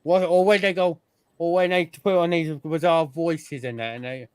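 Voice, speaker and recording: Animated man, smooth dry voice. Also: a little high, moderate pace, no echo. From United Kingdom. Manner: animated storyteller, mimics people he describes. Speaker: podcast host. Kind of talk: casual chat.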